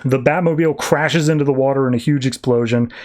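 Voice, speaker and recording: A man's voice: mid-range voice, fast talker, a little mellow. A man hosting a podcast who recaps a comic book in a chatty, jokey way. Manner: chatty, jokey, acts out characters. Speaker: podcast host.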